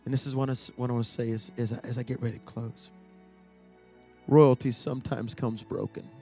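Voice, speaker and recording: A man preaching a sermon, telling stories that swing from hushed to shouting and repeating words as he builds. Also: medium pitch, little pitch movement, fairly quick, creaky, soft background music. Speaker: pastor.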